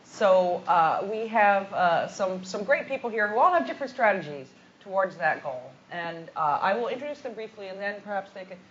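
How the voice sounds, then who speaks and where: A woman's voice: medium pitch, lively intonation, normal speed, fairly bright tone, lo-fi sound, slight background noise. A woman moderating a panel discussion, introducing guests in a rambling way with many restarts.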